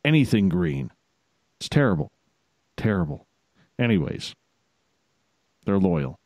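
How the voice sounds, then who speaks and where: A man hosting a casual radio talk show, joking and rambling with shout-outs to listeners. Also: deep voice, big pitch swings, slow, dry recording, studio quality. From Canada.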